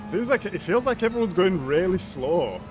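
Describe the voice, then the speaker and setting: A man's voice: high-pitched, very animated, moderate pace, background noise. A man streaming a racing game live, talking casually as he reacts to the race.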